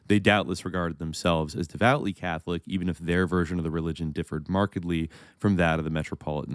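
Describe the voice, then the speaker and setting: A man's voice: low-pitched, smooth, no echo, clean studio sound. A man co-hosting a history podcast, reading historical passages and then rambling casually with restarts. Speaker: podcast co-host.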